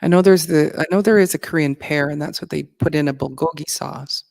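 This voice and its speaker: A woman's voice: deep voice, brisk, gravelly, a little mellow, dry recording. A middle-aged woman chatting casually as a co-host, rambling and easygoing, chuckling often. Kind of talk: casual chat.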